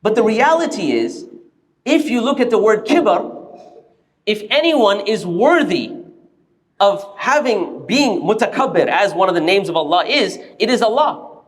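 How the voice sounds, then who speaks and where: High-pitched male preacher, animated storytelling sermon, mosque. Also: unhurried. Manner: animated storyteller, acts out quoted voices. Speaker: preacher giving a Friday sermon.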